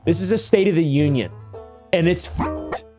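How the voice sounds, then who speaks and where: A man's voice: a little high, moderate pace, mellow, soft background music. A man giving sarcastic reaction commentary on a video, with mocking, exasperated asides. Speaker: commentary YouTuber.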